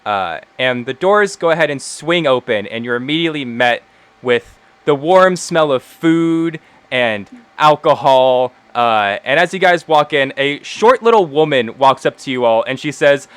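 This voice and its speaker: A man's voice: medium pitch, expressive, measured pace, a bit bright, clear, resonant tone, no room sound. A man narrating a tabletop game as game master, in a laid-back, chatty way.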